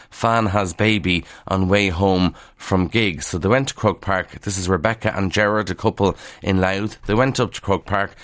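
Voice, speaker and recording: A man with an Irish accent from Kildare, presenting a brisk morning newspaper review on radio with wry asides. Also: low-pitched, fairly bright tone, no room sound.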